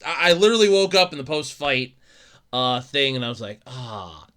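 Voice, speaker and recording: A podcast host rambling through a casual solo rant, swearing and laughing often, exasperated and rising to shouts when worked up. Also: medium pitch, lively intonation, a little fast, smooth.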